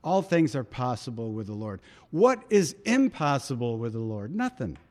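A man's voice: mid-range voice, big pitch swings, normal speed, darkish tone. A man preaching a conversational sermon, acting out quoted voices as he reads and comments on scripture. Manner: conversational, dramatic quoting of voices.

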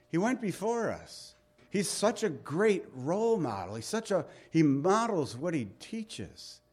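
A man preaching a sermon as a pastor, earnest, asking the congregation rhetorical questions and swinging between loud emphasis and soft, low passages.

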